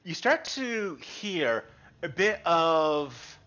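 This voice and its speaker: A man's voice: fairly high pitch, big pitch swings, very slow, bright, forceful tone, lo-fi sound. A man narrating as game master in an online tabletop game, rambling and restarting as he describes scenes and asks the player what he does.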